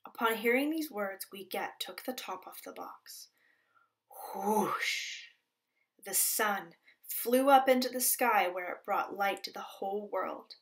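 A woman from the Pacific Northwest coast, a teacher, reading a storybook aloud in a gentle, expressive way and sometimes dropping to a soft whisper. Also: mid-range voice.

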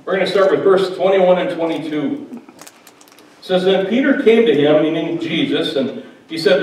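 A male pastor gives a relaxed, conversational sermon and teases people in the congregation by name. His voice sits a bit high for a man. It rings through a very echoey church hall, picked up from some distance away. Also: moderate pace. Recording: very echoey hall, mic far off.

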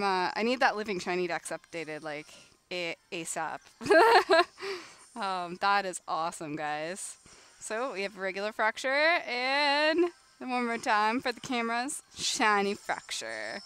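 A young woman streaming a game live, chatting casually and bursting into excited shrieks, with music playing behind her. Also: medium pitch, clear, resonant tone. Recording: background music under the voice.

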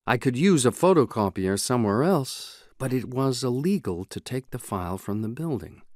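A man reading a novel aloud in the first person, in a measured, even way. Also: mid-range voice, no room sound, studio quality. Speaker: audiobook narrator. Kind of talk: scripted audiobook narration.

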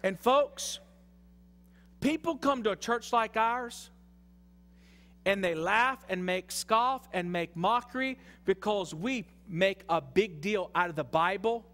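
Southern pastor, high-pitched man, hollering sermon in a reverberant church. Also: slow pace. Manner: shouting, excitable preaching. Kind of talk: fiery sermon. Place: church sanctuary.

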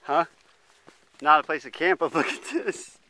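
A man's voice: fairly high pitch, unhurried, bright, forceful tone, rough recording. A man on a camping hike chatting in a laid-back, joking way outdoors. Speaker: hiker on a camping trip. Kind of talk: casual outdoor chat. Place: outdoors on a mountain trail.

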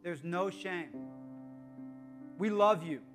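A man preaching a sermon as pastor, earnest, swinging between hushed, intimate lines and emphatic calls to the congregation. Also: high-pitched, slow pace, faint music behind.

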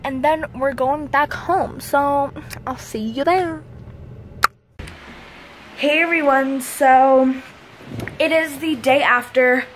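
A woman's voice: high-pitched, fairly even intonation, takes it slowly, pauses often, a little hiss or hum, low-quality recording. A woman talking casually to camera for her vlog, loose and chatty, recorded on a phone or handheld camera. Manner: chatty, loose, full of "like" and "so yeah". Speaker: vlogger.

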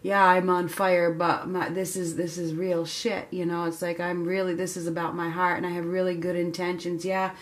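A woman giving a casual tarot reading, chatty and excitable, laughing often and filling pauses with ums. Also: lowish voice. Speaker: tarot reader.

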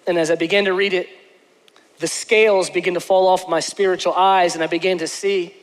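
A man preaching a sermon as pastor from a church stage, emphatic and repeating his phrases, dropping soft and then rising to a shout. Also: high voice, flat delivery, brisk. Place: church stage before a congregation. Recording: echoey church hall.

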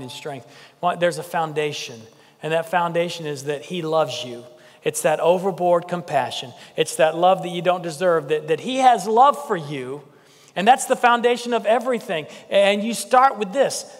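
A man preaching a sermon as pastor, animated and joking with the congregation. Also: on the high side, big-room sound. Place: church sanctuary.

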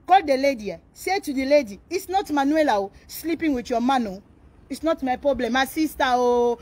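A woman's voice: sits high, expressive, a little fast, darkish tone. A woman ranting to camera, pleading and repeating herself as she switches between languages. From Congo. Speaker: vlogger answering a rival. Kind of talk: emotional direct-to-camera rant.

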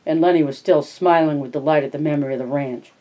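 A narrator reads a novel aloud in a warm, mellow voice. The reading is loose and unpolished, with slips, restarts and an occasional aside of commentary. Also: mid-range voice, fast, slight background noise, poor audio.

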